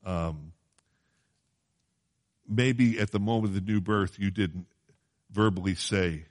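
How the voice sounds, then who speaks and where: Male preacher, lowish voice, chatty sermon delivery that keeps checking in with the congregation. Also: slow. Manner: conversational, asks the congregation questions; quotes scripture in old-fashioned wording.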